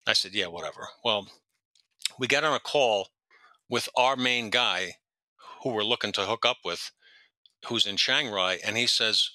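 A man's voice: lowish voice, brisk, pushed and bright, no echo. A man telling long stories as a podcast guest, rambling and correcting himself as he jumps around in time. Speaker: podcast guest, retired police detective. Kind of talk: storytelling in a casual interview.

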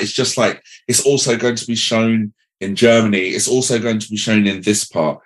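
A man with a very low voice hosts a casual podcast chat. He tells stories in an animated way, full of "um"s, and acts out what other people said. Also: normal speed. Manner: animated storytelling with acted-out quotes and many fillers. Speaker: podcast host.

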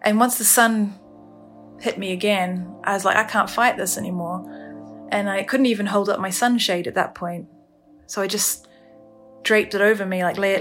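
A woman telling her own story on a podcast, halting and emotional, with many restarts. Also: medium pitch, steady tone, fairly bright tone, faint music behind. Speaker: storyteller recounting her ordeal. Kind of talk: candid first-person podcast testimony.

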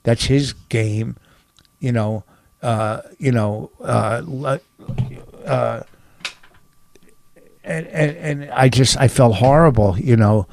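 A man's voice: medium pitch, takes it slowly, vocal fry, long pauses, darkish tone. A middle-aged man chatting casually as a podcast co-host, rambling through a story with many restarts and fillers. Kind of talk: casual chat.

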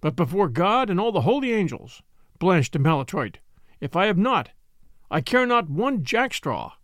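A man reading the part of a stern, sardonic old nobleman in an audiobook, deliberate and cold. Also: high voice, very animated, fairly bright tone, dry recording, clean studio sound. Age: older.

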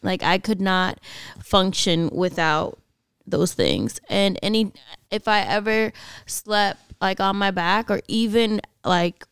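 A woman's voice: medium pitch, slow, smooth, no room sound, studio quality. A young mother co-hosting a podcast, telling stories animatedly and quoting others in casual chat. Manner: animated storyteller, quotes people. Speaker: podcast co-host.

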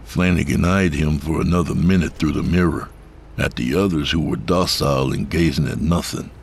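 A man narrating a horror story in a steady, measured way. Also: extremely low pitch, gravelly, slight background noise.

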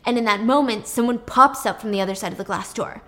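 A woman casually retelling a film plot, animated and chatty with lots of fillers. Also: fairly high pitch, fast.

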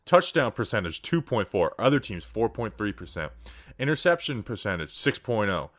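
A man's voice: on the low side, big pitch swings, moderate pace, a bit bright. A man hosting a sports podcast, chatting casually and rambling a little with fillers. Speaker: podcast host.

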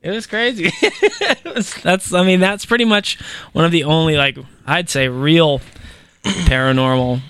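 A young man telling a story in a casual conversation, animated and slangy, with lots of swearing and fillers. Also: fairly high pitch, a little slow, smooth, no echo.

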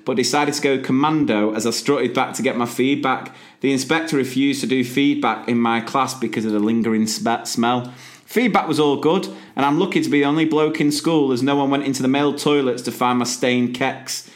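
A man's voice: medium pitch, brisk. A man co-hosting a podcast, reading out a listener's letter with a few chuckles. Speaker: podcast co-host.

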